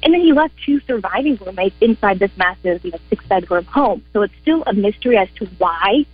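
Woman correspondent explaining a case quick and lively, dry lo-fi radio sound. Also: mid-range voice, no echo, faint music behind. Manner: energetic, fluent explaining. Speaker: court correspondent and attorney. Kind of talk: live news report on radio. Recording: dull lo-fi broadcast sound.

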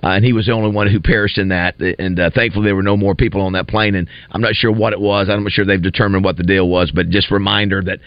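A man's voice: deep voice, flat delivery, fast talker, few pauses, dry recording. Rambling man hosting morning radio. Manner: rambling, restarts, lists names with rising emphasis. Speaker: radio show host. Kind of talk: casual morning radio chat. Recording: dull dry radio studio sound.

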